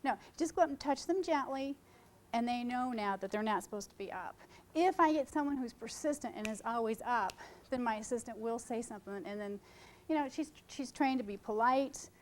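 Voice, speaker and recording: A middle-aged woman talks photographers through her wedding work in a loose, chatty seminar style. Her voice sits a little high, and she jokes with the audience and jumps from one point to the next. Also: fairly quick, a little mellow, a little hiss or hum, rough recording. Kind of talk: informal seminar talk to photographers. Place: conference room.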